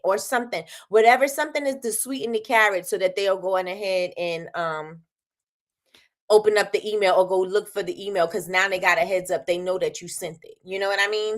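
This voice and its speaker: Lively laughing woman host. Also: medium pitch. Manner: lively, laughs often, talks straight to viewers with slang. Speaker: host of a small-business livestream. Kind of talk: casual advice chat to live viewers.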